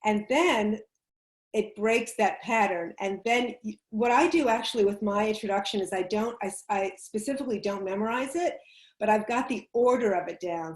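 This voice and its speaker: A woman public speaking coach giving chatty, emphatic advice on a video call, laughing easily as she explains. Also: medium pitch. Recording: roomy echo on a video call.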